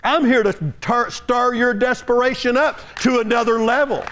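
A man preaching a sermon, swinging from hushed storytelling to loud shouting and often repeating and restarting his words. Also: very high voice, fairly even intonation, normal speed, a little hiss or hum.

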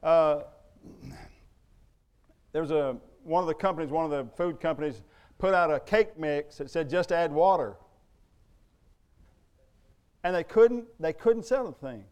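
A man's voice: a little high, measured pace, pauses often, darkish tone, smooth. A middle-aged man preaching a sermon in a church, emphatic and conversational, full of rhetorical questions. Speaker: pastor.

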